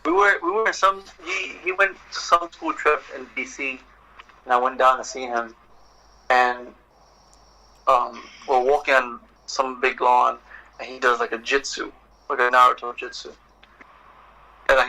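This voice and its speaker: A middle-aged man in casual podcast talk, an animated, profane storyteller who acts out exchanges. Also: mid-range voice, moderate pace, pauses often, rough recording. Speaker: poet and guest.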